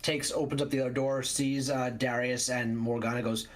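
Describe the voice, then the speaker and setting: A man narrating as game master of a tabletop vampire game, describing action quickly with fillers. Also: medium pitch, level tone, slight background noise.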